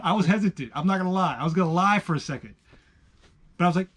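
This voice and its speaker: Man, New York accent, casual storytelling, swaggering and profane, slightly higher voice. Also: lively intonation, fast talker, husky. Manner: swaggering, profane, emphatic, swings from loud to hushed.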